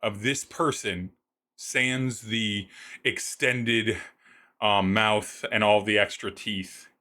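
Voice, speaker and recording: A man narrating a tabletop roleplaying session as game master. His voice sits fairly low, and he describes each scene in loose, halting sentences full of restarts. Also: steady tone, pushed and bright.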